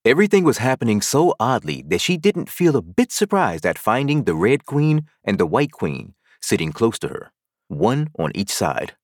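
Expressive man reading a storybook aloud. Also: mid-range voice, normal speed, no echo, clean studio sound. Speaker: volunteer reader. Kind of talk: audiobook narration.

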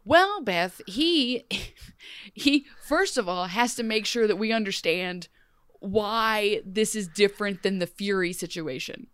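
A young woman chatting casually as a podcast co-host, quick and jokey, with plenty of "like" in her talk. Her voice comes across smooth and clear. The sound is dry and close, with no room in it. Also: mid-range voice, lively intonation, fairly bright tone, no echo. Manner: fast, chatty, jokey, lots of fillers. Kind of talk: casual TV recap chat.

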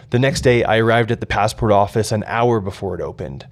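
A man's voice: on the low side, brisk, hardly any pauses. A young adult man narrating his personal memoir in an earnest, reflective way.

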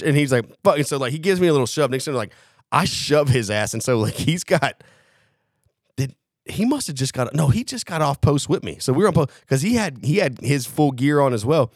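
A man's voice: mid-range voice, very animated, brisk, no echo. A man spinning a rambling, swear-filled story on a casual podcast, breaking into laughs and acting out both sides of an argument. His voice sits in a middle register and is recorded dry and close. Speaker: podcast co-host, former Marine.

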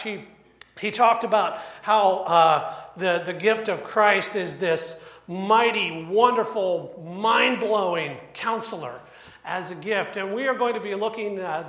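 A man's voice: sits high, a bit bright, reverberant. A man preaching a sermon as pastor, conversational and storytelling, with frequent fillers.

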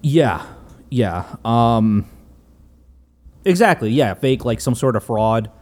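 A man in a casual chat, recapping a film in a halting way with many fillers. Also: medium pitch, lively intonation, darkish tone.

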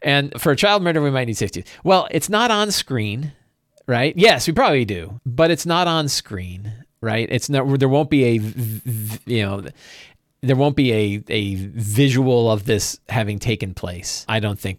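Man brainstorming aloud, lively pitch. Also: unhurried, dry recording, clean studio sound. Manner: thinks aloud, keeps checking with "right?"; frequent restarts and repeated words. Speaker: game master and streamer. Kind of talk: casual livestream brainstorming.

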